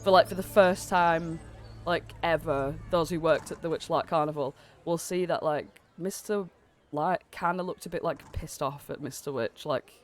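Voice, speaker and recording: Guy running a tabletop game, kinda high voice, rambly, bit of a cold, faint music behind. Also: fairly even intonation, normal speed, hardly any pauses. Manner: rambling, with lots of "like" and "sort of". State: has a cold. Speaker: game master.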